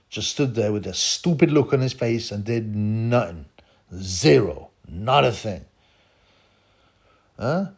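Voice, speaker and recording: A gravelly-voiced man talks into his mic, pouring scorn as he rambles through a solo boxing rant. His pitch sits mid-range, and he breaks off for laughs and throwaway "you know" asides. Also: a little mellow. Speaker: boxing channel host. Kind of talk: ranting solo commentary.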